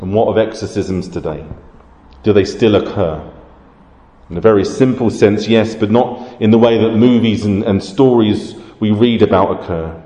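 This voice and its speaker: A preacher with a low-pitched voice explains scripture in a steady, measured sermon. Long reverb makes it sound recorded in a large, roomy hall.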